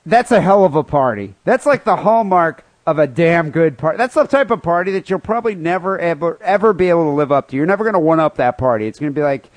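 A man's voice: a little high, expressive, fast, hardly any pauses, no echo. A man co-hosting a comedy podcast, telling a news story in crude, profane banter with mock outrage. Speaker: podcast co-host.

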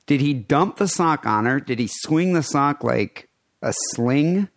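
A man's voice: medium pitch, no room sound, clean studio sound. A man co-hosting a comedy podcast, reacting and firing off questions in casual, crude chat. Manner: animated, quick reactions and questions. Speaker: podcast co-host.

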